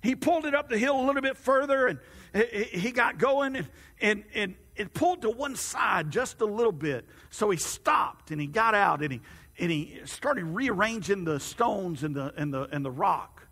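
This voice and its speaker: Preacher guy telling a story, husky bright voice, lots of restarts, echoey church hall. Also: high voice. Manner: animated, halting narration with repeated restarts. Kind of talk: sermon storytelling. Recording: long hall reverb.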